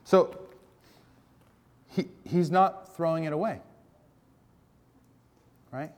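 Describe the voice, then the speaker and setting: A man preaching a sermon as a pastor, telling the stories in a conversational, animated way. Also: a little high, extremely slow.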